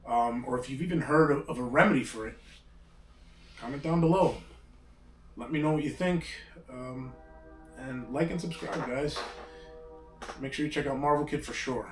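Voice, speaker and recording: A man's voice: medium pitch, normal speed, long pauses, soft background music. A man hosting a casual chat, talking in a rambling, hesitant way with many restarts. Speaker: host. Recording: roomy echo, distant mic, faint background hum.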